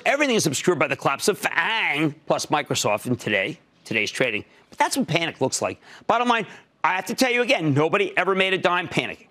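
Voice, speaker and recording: Man in his sixties, market show host, emphatic punchy delivery, lively swooping pitch, fairly high voice. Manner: emphatic, punchy, jumps between loud and low. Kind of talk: animated stock market commentary.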